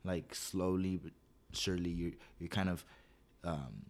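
A man's voice: sits low, fairly even intonation, unhurried, darkish tone. A young man and school psychologist chatting casually, rambling with lots of fillers and acting out the quotes in his stories. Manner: rambling storyteller, filler-heavy, acts out quotes. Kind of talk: casual podcast chat.

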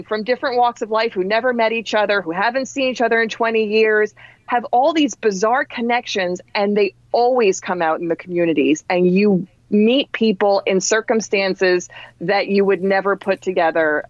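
Speaking at a moderate pace, a New Jersey woman in her forties shares a laid-back anecdote on a podcast, chatty and lively, pushing her voice higher whenever she imitates someone. It's a dull, dry lo-fi recording with no room sound.

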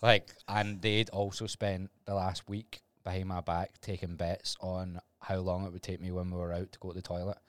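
Young glasgow guy, really low voice, dry close sound, sweary and laughing a lot. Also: moderate pace, few pauses, no room sound. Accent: Glaswegian. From Scotland. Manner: animated storyteller, swears freely, laughs often. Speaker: podcast guest. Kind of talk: casual chat.

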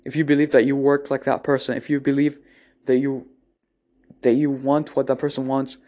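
A man's voice: medium pitch, flat delivery, moderate pace, mellow. A man giving an unscripted motivational monologue, earnest and blunt, often restarting and repeating phrases, with casual swearing. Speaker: motivational speaker.

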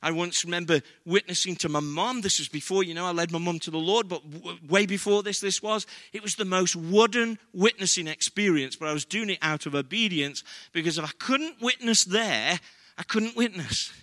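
A man's voice: sits high, moderate pace, pushed and bright. An older man with an English accent, preaching a sermon as pastor in an earnest, conversational way.

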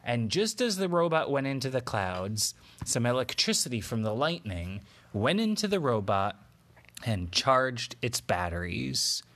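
A man telling an improvised bedtime story to a child, in a gentle way with pauses and fillers. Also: mid-range voice, very animated.

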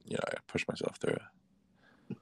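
A man's voice: a little slow, a bit bright, no room sound, studio quality. A man on a casual podcast, talking in a laid-back, slangy way. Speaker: podcast regular.

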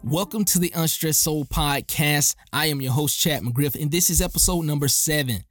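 A man's voice: a little high, moderate pace, fairly bright tone, no echo. Upbeat podcast guy giving pep talks about stress, repeats himself for emphasis, dry close mic, a little music underneath. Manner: upbeat, encouraging, repeats key lines for emphasis. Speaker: podcast host. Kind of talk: faith-centered self-help podcast talk. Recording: dry close studio sound with faint music.

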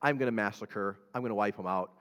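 A grim, vengeful man mutters his oath of destruction in a low, hushed voice, as a preacher puts him on. The words carry a steady, determined edge. Long reverb trails behind him from a large hall. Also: fast talker, lightly acted. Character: vengeful man vowing to wipe out his enemies.

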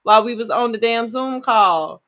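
Slangy, animated woman telling stories. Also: fairly high pitch, normal speed. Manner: animated, slangy storyteller addressing listeners. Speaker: podcast co-host. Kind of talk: casual chat, storytelling.

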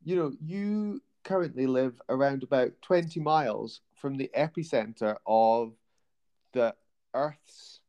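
A man's voice: mid-range voice, measured pace, a little mellow. Rambling, hesitant man hosting a podcast. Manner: rambling, hesitant, with many fillers. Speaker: podcast host. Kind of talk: casual chat.

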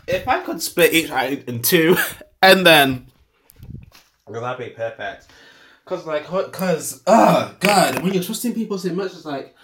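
Young man, voice note monologue, emotional, sighing, sudden loud bursts then muttering. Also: a little high, slight background noise. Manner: emotional, swinging from muttered sighs to loud outbursts; sighs and laughs often, says "girl" a lot. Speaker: podcast host.

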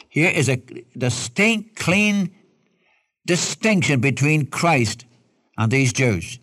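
A man's voice: fairly high pitch, animated, takes it slowly, fairly bright tone, no room sound, clean studio sound. A man preaching a radio Bible study sermon, emphatic and pleading as he quotes scripture.

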